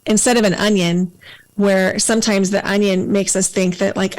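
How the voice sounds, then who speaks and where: A woman hosting a podcast interview, speaking in a calm, measured and reflective way. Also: mid-range voice, low-quality recording. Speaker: podcast host. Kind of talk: casual conversational interview.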